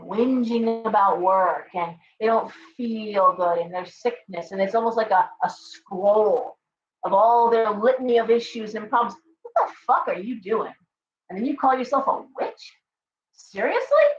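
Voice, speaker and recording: A woman's voice: medium pitch, slight background noise. Outspoken woman tarot host, echoey stream. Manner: outspoken, profane, scolding. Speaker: tarot reader hosting a live stream. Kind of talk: blunt live-stream rant and tarot reading. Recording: echoey, dull live-stream audio.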